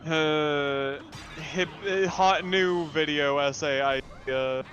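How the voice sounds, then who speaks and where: Young man, podcast co-host, slightly high voice, very slow, filler-heavy, casual swearing. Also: fairly even intonation, a bit bright, dull audio, faint music behind. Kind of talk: casual chat.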